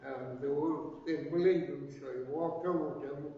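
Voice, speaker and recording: An older man telling a traditional story to a class in a library room, slow and halting with many pauses. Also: fairly high pitch, fairly even intonation. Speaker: language class elder and storyteller. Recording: echoey hall, distant dull mic, faint noise.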